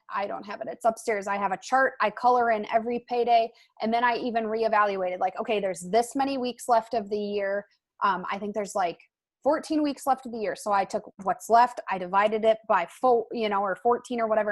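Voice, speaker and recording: A woman's voice: medium pitch, fairly even intonation, normal speed. A young adult woman hosting a casual motivational team call, chatty and full of fillers. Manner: chatty, lots of "like" and "um". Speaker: team call host and coach.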